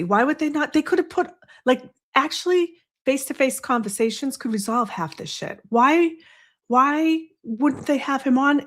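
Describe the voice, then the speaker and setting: A woman with a Boston accent hosting a casual livestream from home, rambling and chatting with asides to her viewers. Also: sits high. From US East Coast. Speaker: livestream host. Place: home, snowy window behind. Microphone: desk microphone.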